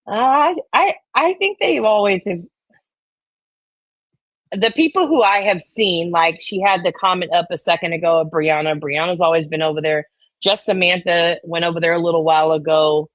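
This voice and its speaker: A woman's voice: fairly low pitch, moderate pace, a bit bright, dry recording. A woman hosting a livestream, chatting casually and profanely about online drama and reading comments from chat. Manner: profane, conspiratorial, reads chat aloud; acts out quoted voices. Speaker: livestream host.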